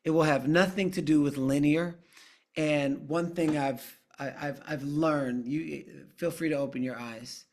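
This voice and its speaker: Slow-talking man leading a coaching call. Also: a little high, fairly even intonation, slight background noise. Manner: conversational, drifting into hushed guided prompts. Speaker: coach and trainer. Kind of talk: live training call, casual talk and guided exercise.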